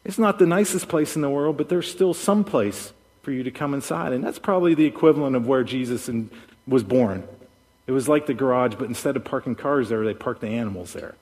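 A man preaching a sermon as pastor, an animated storyteller who acts out voices. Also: mid-range voice, a little fast. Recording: long hall reverb.

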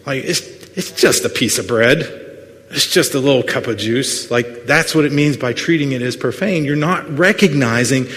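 A man's voice: mid-range voice, normal speed, fairly bright tone. A man preaching a sermon as pastor, earnest but full of playful jokes and asides to the congregation. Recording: long hall reverb.

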